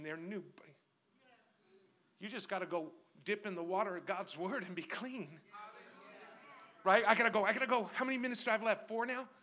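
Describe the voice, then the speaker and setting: A man delivering a sermon with a strikingly high voice. His tone is sharp and piercing, and he swings from quiet, muttered asides to shouted, stretched-out calls to the congregation, repeating phrases and throwing questions at the crowd. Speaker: guest preacher.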